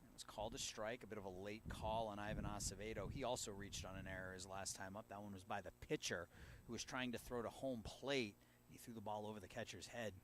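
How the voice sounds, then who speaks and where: A man doing live play-by-play of a high school baseball game from an outdoor field, steady and rising sharply on big plays. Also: fast, slight background noise. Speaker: play-by-play announcer.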